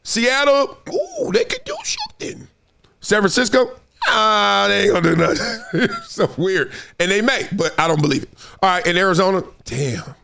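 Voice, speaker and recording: A man riffs on football standings as the host of his own show, his voice sitting fairly high. He talks loosely and animatedly, full of slang, and now and then lapses into a playful sing-song. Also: expressive, moderate pace, creaky, pushed and bright. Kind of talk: casual sports commentary monologue.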